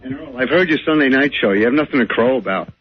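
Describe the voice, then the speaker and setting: A man's voice: medium pitch, expressive, quick pace, a little hiss or hum. A man calling in to a radio show, needling and cocky. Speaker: caller. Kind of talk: phone-in call. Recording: distant lo-fi phone call on radio.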